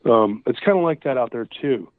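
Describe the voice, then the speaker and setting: A man's voice: mid-range voice, expressive, a little fast, no room sound. Man rambling over a tinny phone line. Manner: rambling, many restarts and fillers. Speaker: guest telling encounter stories. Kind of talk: casual storytelling over the phone. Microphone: phone call.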